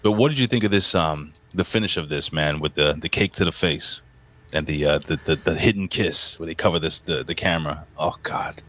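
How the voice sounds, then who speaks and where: A man co-hosting a wrestling review podcast, talking casually with lots of swearing and animated banter. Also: rumbling low, brisk. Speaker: podcast co-host.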